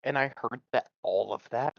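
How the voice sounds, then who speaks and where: A man's voice: mid-range voice, normal speed, gravelly, dry recording, muffled recording. A man chatting casually over a voice-chat mic, laid-back and rambling. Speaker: stream co-host on voice chat.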